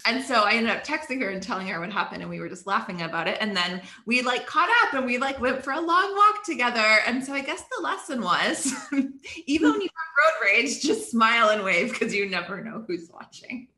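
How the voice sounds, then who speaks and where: A woman's voice: on the high side, very animated, brisk, pushed and bright, echoey room. A woman hosting a podcast, telling a story in casual chat with lots of filler words and laughter. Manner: chatty storyteller, many "like" fillers, laughs often. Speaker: podcast host.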